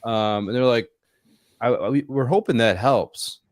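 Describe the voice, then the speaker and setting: A man's voice: medium pitch, measured pace, no echo, clean studio sound. A man co-hosting a casual trade podcast, telling work and neighbor stories with lots of laughter. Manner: animated storyteller, laughs often. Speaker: podcast co-host, HVAC technician. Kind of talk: casual chat.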